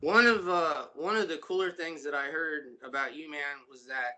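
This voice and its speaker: A male host asks questions casually and keeps dropping "man" into his sentences. His voice is bright and edged, pitched a touch high, with an easy, conversational delivery. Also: normal speed. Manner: casual, says man a lot. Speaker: podcast host. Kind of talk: casual interview.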